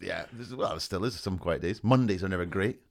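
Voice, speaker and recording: A man guesting on a podcast in casual chat, animated and sweary, laughing a lot. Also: sits low, a little fast, creaky. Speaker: guest comedian.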